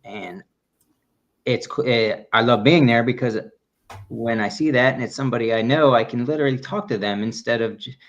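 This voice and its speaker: A man's voice: mid-range voice, moderate pace. Enthusiastic male running podcast co-host. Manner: enthusiastic, rambling with restarts. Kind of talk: casual chat. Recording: dull lo-fi audio.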